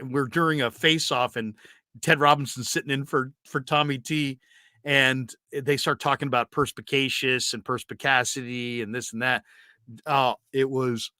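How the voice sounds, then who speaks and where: Bright-voiced, lively man hosting a sports show. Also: medium pitch, no echo, studio quality. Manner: animated storyteller, does impressions. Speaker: sports radio host. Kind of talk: casual podcast chat.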